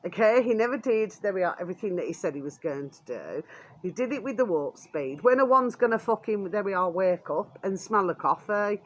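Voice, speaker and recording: A British woman vlogger rants angrily to her channel in a brisk, mid-range voice with lively intonation. She is coarse and blunt, swearing constantly and repeating "there we are" as a filler.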